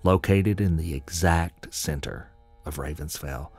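A man's voice: a bass voice, measured pace, a little mellow, slightly rough, soft background music. A man narrating a scripted audio drama in a folksy storytelling manner.

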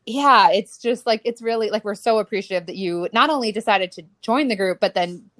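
A woman co-hosting a casual podcast interview, warm toward her guest and encouraging. She talks in loose, rambling explanations, with a lot of filler words. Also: medium pitch, fairly quick, dry recording, studio quality. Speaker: podcast co-host and coach.

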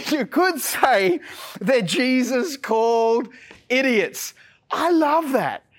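A man's voice: extremely high pitch, fairly bright tone. A middle-aged Australian man and pastor, giving a sermon in an earnest, self-deprecating way with a casual, joking streak.

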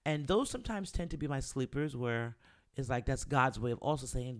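A man who makes music speaks casually in a monologue. He is candid and animated, swears freely, and acts out things his friends said. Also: mid-range voice, normal speed. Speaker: musician, rapper.

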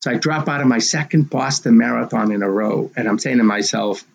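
A man in his sixties, a race director telling his story in an interview in an animated way and acting out the dialogue. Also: mid-range voice, fairly quick, vocal fry, low-quality recording.

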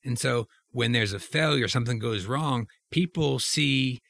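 A man with a middle-pitched voice steers a casual conversation, asking the others for their thoughts. The sound is dry and close. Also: unhurried, gravelly, a bit bright, no echo. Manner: conversational, asks the group questions. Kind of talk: casual discussion.

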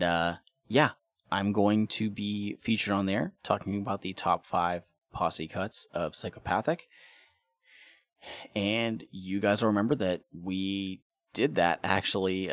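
A man's voice: low voice, dry recording. A man hosting a podcast, ranting casually and profanely with frequent stammered restarts. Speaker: podcast host.

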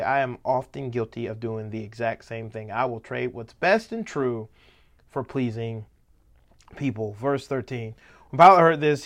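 A man preaching a sermon, reading scripture verse by verse and then explaining it in lively paraphrase. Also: medium pitch.

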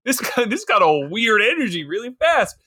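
Man, high bright voice, animated, podcast co-host riffing on a movie. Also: moderate pace, breathy edge. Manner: animated, laughing, jumps into mocking voices. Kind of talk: casual movie recap chat.

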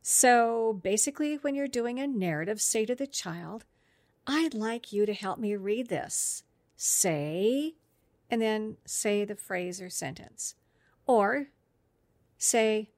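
A woman's voice: medium pitch, no room sound. Upbeat woman explaining teaching steps. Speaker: speech-language therapist guest. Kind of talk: instructional podcast talk.

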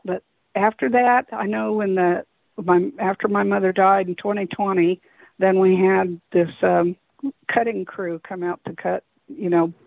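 A woman's voice: medium pitch, vocal fry, no room sound. A woman calling in to tell a personal story, talking in an earnest, rambling way and often correcting herself. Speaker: caller sharing an encounter. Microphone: telephone. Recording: tinny phone line.

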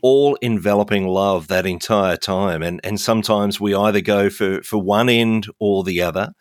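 A male interviewer frames his questions with thoughtful, measured reflection. His voice sits slightly low, and the recording is dry and close. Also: no echo. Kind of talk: faith podcast interview.

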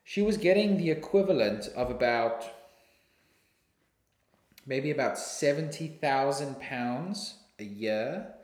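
A man with a South African accent giving an indignant, casual monologue. He swears freely and sometimes bursts into shouting. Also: mid-range voice, animated, takes it slowly, long pauses, roomy sound.

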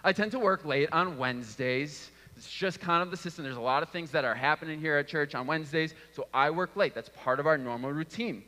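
A man in his thirties preaches from the pulpit, his voice bright and slightly high. He tells stories with wide swings of pitch, acting out the people in them. The sound rings with the long reverb of a church hall. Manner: animated storytelling with acted-out voices. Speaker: pastor. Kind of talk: sermon. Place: church auditorium.

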